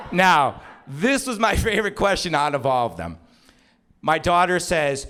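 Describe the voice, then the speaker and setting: A man's voice: fairly high pitch, slight background noise. A middle-aged man telling a self-deprecating comic story on stage at a small live venue. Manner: animated, self-deprecating, voices others in quick bursts.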